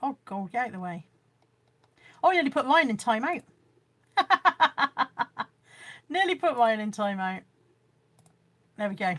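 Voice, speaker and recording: A woman's voice: fairly high pitch, big pitch swings, unhurried, long pauses. A middle-aged woman with a Bristolian accent, chatting casually on a livestream, reading viewer comments aloud and poking fun at herself. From Bristol, England. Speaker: livestream host selling boot sale finds. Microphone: phone camera.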